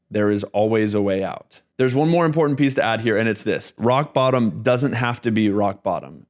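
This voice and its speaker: A man's voice: medium pitch, a little mellow. A man hosting a podcast, giving earnest, motivational commentary in repeated, sermon-like phrases. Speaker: podcast host.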